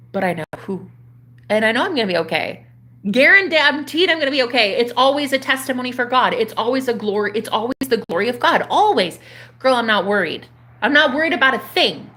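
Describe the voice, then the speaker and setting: A woman in her thirties, a spiritual coach, telling a personal story to her viewers in an animated, casual way, swearing freely. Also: mid-range voice. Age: 30s.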